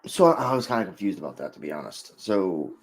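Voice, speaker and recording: Low-voiced man co-hosting a chatty review. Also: very animated, fast talker, gravelly, a crowd in the background. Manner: upbeat, rambling, laughs often. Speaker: podcast co-host. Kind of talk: casual review chat.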